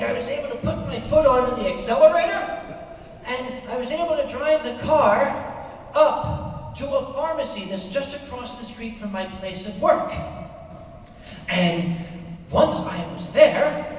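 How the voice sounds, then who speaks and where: A man telling a funny personal story to a crowd, animated and laughing along. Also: extremely high pitch, a little hiss or hum. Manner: animated, laughing at his own tale. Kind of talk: comic storytelling. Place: large convention hall. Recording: echoey hall from far off.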